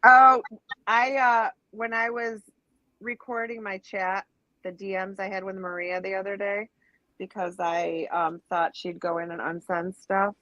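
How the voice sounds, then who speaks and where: A woman's voice: lowish voice, fairly bright tone, dry recording, lo-fi sound. A woman co-hosting a casual livestream chat, teasing and chatty. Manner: teasing, laughs often, chatty.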